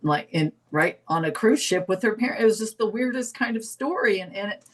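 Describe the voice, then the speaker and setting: A middle-aged woman telling her story as a therapy volunteer, tearful, halting and apologetic with many restarts. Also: mid-range voice, expressive, low-quality recording. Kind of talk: emotional personal account.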